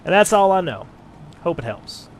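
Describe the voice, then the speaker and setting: A man's voice: high-pitched, big pitch swings, normal speed, slight background noise, voice pushed up. A man voicing a boastful male gladiator who rambles, in a mock British accent that drifts toward Southern. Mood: rambling. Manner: rambling, hearty. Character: boastful male gladiator, mended, eager for glory.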